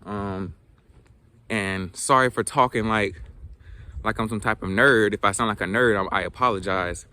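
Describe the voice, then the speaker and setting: A man's voice: on the low side, normal speed, pushed and bright, clear, resonant tone. A young man from South Georgia with a light Southern accent, talking casually to camera about learning languages, earnest and reflective, with frequent fillers and restarts. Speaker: language vlogger.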